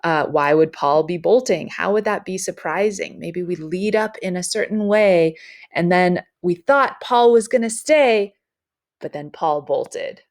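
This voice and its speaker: A woman teacher explaining a writing lesson in a measured way, with frequent fillers. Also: on the low side.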